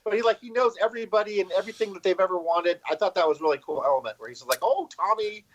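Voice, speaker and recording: A man with a rather high-pitched voice recaps movie scenes in a loose, chatty way. He repeats words and leans on "like" as filler. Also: racing, poor audio. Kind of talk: casual movie discussion.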